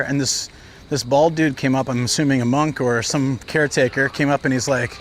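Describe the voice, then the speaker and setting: A man's voice: medium pitch, fast, fairly bright tone. Chatty man streaming from a city street. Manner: rambling storytelling with frequent fillers. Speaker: livestreamer. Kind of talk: casual walking livestream chat. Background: traffic and city ambience.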